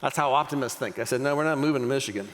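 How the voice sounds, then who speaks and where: A man's voice: mid-range voice, racing. A middle-aged man giving a motivational keynote speech, telling a story and acting out the lines of each person in it. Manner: animated, acts out dialogue in character. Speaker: keynote speaker. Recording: long reverb of a large hall.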